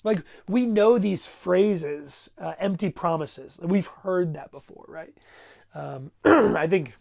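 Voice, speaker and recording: A man's voice: high voice, slow pace, vocal fry, a little mellow. A man in his thirties preaching a sermon, telling a story in a conversational way and checking in with the congregation. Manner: conversational, checks in with "right?" and "okay?". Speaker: pastor.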